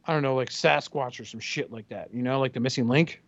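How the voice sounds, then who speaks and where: A man's voice: mid-range voice, fairly quick, highs cut off. A man co-hosting a podcast in casual chat, telling rambling profane stories and acting out quotes. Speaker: podcast co-host.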